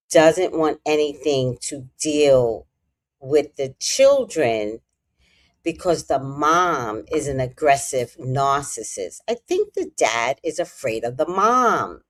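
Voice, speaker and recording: Brief: woman commentator, lively swooping intonation, unhurried speculative chat. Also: low-pitched. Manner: speculative, talks straight to viewers. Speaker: tarot reader and commentator. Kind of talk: casual gossip commentary to camera.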